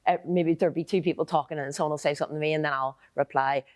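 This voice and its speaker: A woman's voice: low-pitched, steady tone, very fast, darkish tone, no echo. A woman with a Northern Irish accent, chatting animatedly as a podcast guest and laughing easily. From Northern Ireland. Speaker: guest, performance artist. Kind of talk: casual podcast chat.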